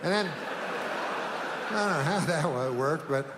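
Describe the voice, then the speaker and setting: A deadpan male comedian works through a rambling stand-up set at a slightly high pitch. His voice rings with a long hall reverb over faint background noise. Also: measured pace. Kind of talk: stand-up routine. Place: comedy stage before a live audience.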